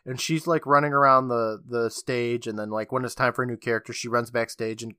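A man's voice: medium pitch, steady tone, fairly quick, pushed and bright, smooth, no room sound, studio quality. A man co-hosting a casual podcast, recapping episodes with a chatty manner, acting out quotes and laughing often.

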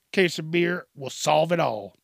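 Man, news commentary host, crude, laughing, slightly high voice, dry recording. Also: vocal fry, dry recording. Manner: profane, laughing, acts out quotes in exaggerated voices. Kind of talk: casual commentary on news stories.

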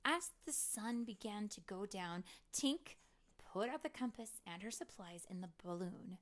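Hushed woman reading a storybook aloud. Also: medium pitch, animated, measured pace. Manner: hushed, often whispered storytelling. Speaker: mother reading to her child.

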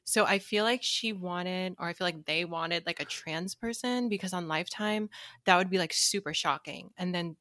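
A woman's voice: fairly low pitch, moderate pace, a bit bright, no echo, clean studio sound. A young woman co-hosting a podcast, chatting casually and laying out her views in long, thoughtful sentences. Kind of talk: casual chat.

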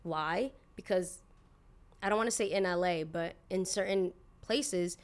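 A woman's voice: on the low side, unhurried. A woman in her twenties hosting a podcast, talking in a blunt, indignant, casual way, full of "like" and the odd swear word. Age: 20s. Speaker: podcast host. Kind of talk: casual opinion podcast monologue.

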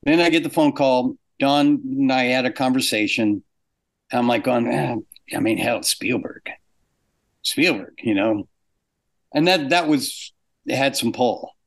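An older man, a guest animator, tells anecdotes at a measured pace in a casual interview. He acts out quoted exchanges with animated shifts in pitch.

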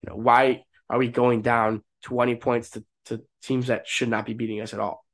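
A man's voice: medium pitch, flat delivery, normal speed. Young male sports podcast host, sick and stuffed up, casual and rambling with hyped bursts, mid-range voice. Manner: casual, restarts often, rises to hype. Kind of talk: solo sports podcast talk.

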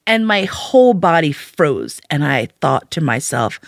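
A woman's voice: lowish voice, wildly swooping pitch, normal speed, few pauses, no echo, studio quality. A woman telling a frank, candid personal story as a monologue, acting out her own thoughts in quoted asides.

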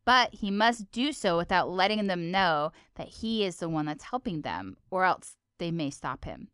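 A woman co-hosting a podcast, recapping a cartoon episode in an expressive, animated way. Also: on the low side, normal speed, clear, resonant tone, dry recording, clean studio sound. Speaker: podcast co-host. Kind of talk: casual episode recap chat.

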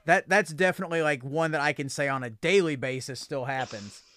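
A man's voice: a little high, brisk, sharp tone, no echo, studio quality. A man hosting a podcast, chatting casually with loose, joking, profane talk. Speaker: podcast host. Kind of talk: casual chat.

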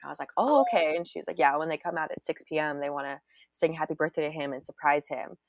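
A woman's voice: sits low, little pitch movement, fast talker, no echo. A young woman telling a story in casual chat, bubbly and full of "like"s. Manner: chatty, bubbly storyteller, many "like"s.

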